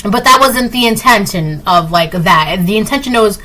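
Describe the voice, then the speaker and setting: A woman's voice: medium pitch, animated, moderate pace, bright, forceful tone, rough recording. Woman, tarot reader, casual and rambling, breezy, dismissive. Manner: rambling, full of "like" and "right?"; breezy and dismissive, repeats "blah, blah". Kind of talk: casual tarot reading to camera.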